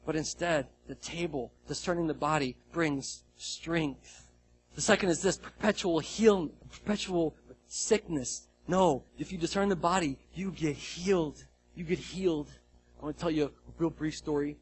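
Husky-voiced male pastor preaching. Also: a little high, normal speed, rough recording. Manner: animated storytelling, acts out quoted dialogue. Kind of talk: sermon.

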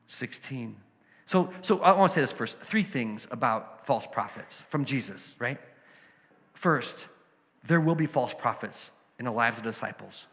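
A man's voice: mid-range voice, big pitch swings, normal speed, a bit bright, big-room sound. A man preaching a sermon as a pastor, conversational and storytelling, with emphatic asides.

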